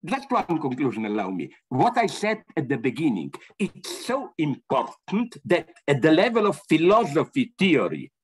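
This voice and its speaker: A man's voice: on the high side, big pitch swings, moderate pace, hardly any pauses, slightly rough. An older man talking in a rambling, emphatic way as a panellist on a remote call. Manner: rambling, emphatic, many restarts. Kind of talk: animated casual remote panel talk.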